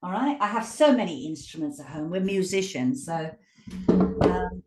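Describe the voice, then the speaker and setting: A woman teaching English pronunciation, drawing out words slowly and stressing syllables to demonstrate. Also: lowish voice, distant mic, over music. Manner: slow, drawn-out demonstrative speech with lively emphasis. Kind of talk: pronunciation lesson. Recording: echoey room.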